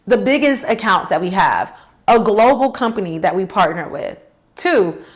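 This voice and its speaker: A woman's voice: mid-range voice, lively intonation, moderate pace. A woman in her thirties telling a personal career story to her viewers, candid and emphatic, speaking to them directly. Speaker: career vlogger.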